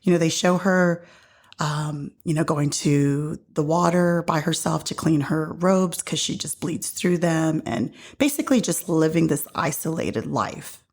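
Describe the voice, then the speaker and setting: A woman's voice: deep voice, a little slow, darkish tone. A woman hosting a podcast, casually retelling a faith story with many fillers and acted-out quotes. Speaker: podcast host.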